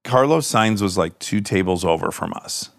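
A male podcast host in casual chat, telling lively stories and swearing freely. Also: on the low side, normal speed, dry recording, studio quality. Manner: animated storyteller, swears freely.

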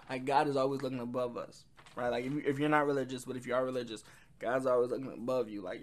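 A man's voice: mid-range voice, fairly even intonation, fast talker. A man casually reviewing an album, rambling with frequent ums and quoting lyrics. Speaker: music reviewer.

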